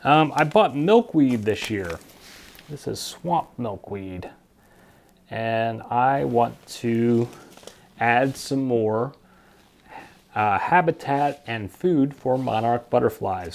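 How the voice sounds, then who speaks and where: Down in his basement at home, a man who runs a gardening vlog rambles casually to camera about his seeds, fumbling plant names he can't pronounce. He speaks at a medium pitch, with a slightly mellow tone.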